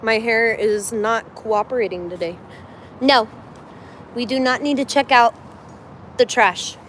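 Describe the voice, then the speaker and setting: A woman's voice: a little high, a little slow, long pauses, a bit bright, a little hiss or hum. A young woman chatting casually on a livestream from a hotel room, thanking viewers and scolding her puppy.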